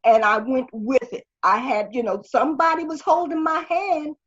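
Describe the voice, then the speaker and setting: An older woman with a husky, breathy voice pitched a little high, heard over a dull, lo-fi video-call line. She talks in a rambling way, restarting her sentences often as a webinar guest. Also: fairly even intonation, moderate pace. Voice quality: husky, strained voice after throat surgery. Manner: rambling, with many restarts and fillers. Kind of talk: conversational interview.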